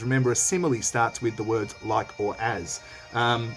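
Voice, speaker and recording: Male teacher, mid-pitched, relaxed and chatty, with faint music behind. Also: brisk. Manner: casual and chatty, with many fillers. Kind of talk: explaining a play while reading aloud. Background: faint background music.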